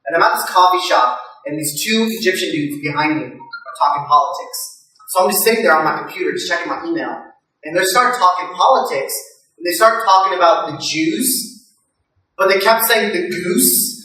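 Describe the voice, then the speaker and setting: Male stand-up comic, chatty with lots of fillers, forceful bright tone, heard from far off in a very echoey room. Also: high voice, moderate pace. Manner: chatty, with many fillers and loud mimicking voices. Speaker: stand-up comedian. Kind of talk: stand-up comedy set. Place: live comedy venue.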